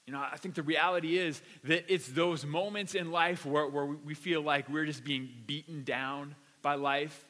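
A man's voice: fairly high pitch, fairly even intonation, moderate pace, hardly any pauses, bright, forceful tone, in a large hall. A man preaching a conversational sermon. He tells stories casually and animatedly, repeating words as he goes. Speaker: pastor. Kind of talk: conversational sermon with personal story.

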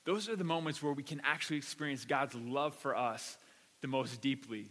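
A man's voice: medium pitch, normal speed, a bit bright, long reverb tail. A man preaching a conversational sermon. He tells stories casually and animatedly, repeating words as he goes. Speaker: pastor. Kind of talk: conversational sermon with personal story.

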